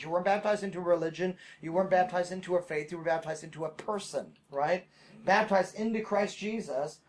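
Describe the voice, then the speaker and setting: A man's voice: sits high, a little fast. A man leading a casual Bible study, reading scripture aloud and breaking off to explain, with many fillers and restarts.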